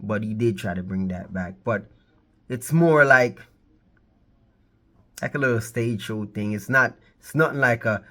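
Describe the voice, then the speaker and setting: A man's voice: fairly low pitch, measured pace, pauses often, sharp tone. A man hosting his own channel, giving casual, rambling commentary on the music scene, repeating himself and playfully pleading with viewers. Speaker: channel host.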